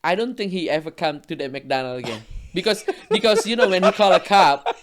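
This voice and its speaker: A woman whose first language isn't English appears as a guest, telling stories in an animated, emphatic, ranting way and laughing often. Her voice is fairly low-pitched and brisk, with lively intonation.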